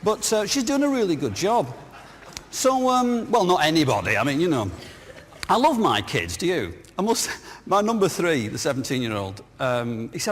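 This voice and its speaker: A man's voice: on the high side, big pitch swings, brisk, a little hiss or hum. Guy in his 50s telling jokey stories to a crowd on a lapel mic, echoey hall. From northern England. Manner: jokey, anecdotal, asks the audience questions. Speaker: business speaker. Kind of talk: live conference talk. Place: large hall with audience. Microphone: clip-on lapel mic. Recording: reverberant hall.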